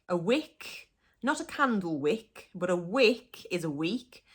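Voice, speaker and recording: A woman's voice: fairly low pitch, lively intonation, slow pace. A young woman with a Black Country accent, chatting casually and giggling as she explains her local dialect. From Black Country, England. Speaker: vlogger.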